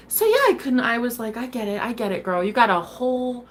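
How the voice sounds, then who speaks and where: A woman's voice: fairly high pitch, big pitch swings, fairly quick. A woman hosting a tarot live stream, talking casually in a rambling, heated way, swearing freely and saying "like" a lot. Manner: rambling, heated and profane, heavy on "like".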